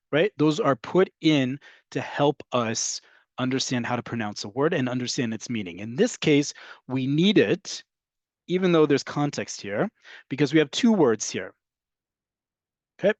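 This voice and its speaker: A man's voice: mid-range voice, animated, normal speed, no room sound. A man teaching an online class, explaining steadily and often checking in with "right?" and "okay?". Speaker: Hebrew teacher.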